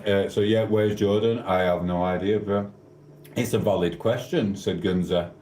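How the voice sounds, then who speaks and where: Fairly low and warm, this man's voice keeps a fairly even intonation at a moderate pace, with a touch of hiss or hum. He's a livestreamer from South Yorkshire, England, rambling casually in an echoey room and cheekily answering viewers' comments.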